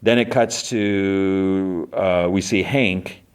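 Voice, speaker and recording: A man's voice: low-pitched, fairly even intonation, very slow, smooth. A man hosting a podcast, recapping a TV episode casually with lots of fillers and restarts. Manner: rambling, heavy use of fillers and restarts; briefly acts out characters' lines in quotes. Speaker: podcast host.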